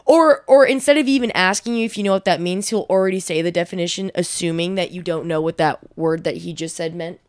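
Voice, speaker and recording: A woman's voice: on the low side, fast, few pauses, no echo, studio quality. A young woman co-hosting a podcast in easygoing, teasing casual chat. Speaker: podcast co-host.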